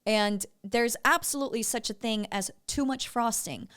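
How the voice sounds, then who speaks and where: A woman's voice: fairly high pitch, normal speed, fairly bright tone, clear, resonant tone. A woman vocal coach giving feedback on a student's singing, breaking into short sung syllables to demonstrate. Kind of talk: vocal evaluation commentary.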